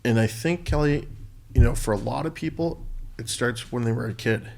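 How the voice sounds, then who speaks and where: A middle-aged man co-hosting a podcast, talking in a thoughtful, halting way with restarts. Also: medium pitch, vocal fry, a little mellow, a little hiss or hum. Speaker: podcast co-host. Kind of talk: casual conversation.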